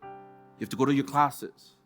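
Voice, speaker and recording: Man, pastor, sermon, conversational storytelling, mid-pitched voice, faint music underneath. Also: normal speed, a bit bright. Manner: conversational storytelling with quoted asides. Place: church hall.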